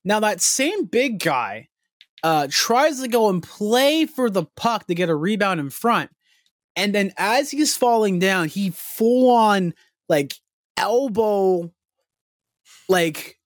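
A man's voice: high voice, slow pace, no room sound, clean studio sound. A young man telling a long rambling story on a podcast, swearing freely and getting worked up. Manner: animated, profane, rambling storytelling. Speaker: podcast co-host.

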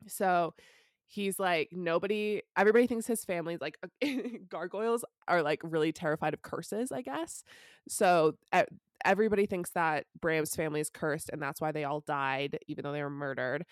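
A woman's voice: lowish voice, normal speed, no echo, clean studio sound. A young woman co-hosting a podcast, recapping a book in casual chat full of "like" and offhand swearing. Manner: chatty, peppered with "like" and casual swearing. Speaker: podcast co-host.

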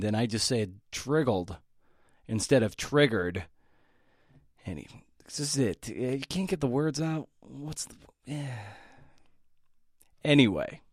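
A man's voice: fairly low pitch, a little mellow, dry recording, studio quality. A man hosting his own podcast, talking in a loose, chatty way with slang and self-deprecating asides, now and then stumbling over his words. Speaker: podcast host. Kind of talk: casual podcast monologue.

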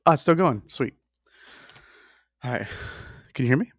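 A man's voice: medium pitch, lively intonation, normal speed, no room sound, studio quality. A man co-hosting a casual podcast, joking crudely and swearing freely, talking over a headset mic. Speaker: podcast co-host. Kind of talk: casual chat.

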